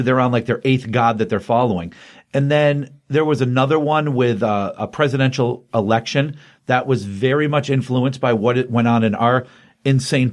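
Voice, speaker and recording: A man casually recapping a comic book issue, chatty and rambling, often acting out the characters' lines. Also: mid-range voice. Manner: chatty, rambling, acts out quotes.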